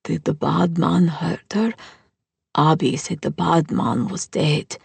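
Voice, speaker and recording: A woman voicing a gentle, literal-minded young man who speaks slowly and simply in an audiobook. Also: fairly high pitch, fairly even intonation, creaky, slightly rough, dry recording, exaggerated voice. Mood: earnest. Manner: slow, simple, plainly spoken. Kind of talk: audiobook character voice.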